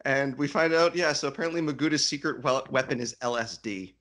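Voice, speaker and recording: A man's voice: mid-range voice, fairly quick. A man co-hosting a casual book-club podcast, retelling scenes with frequent laughter. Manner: giggly, animated retelling. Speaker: podcast co-host.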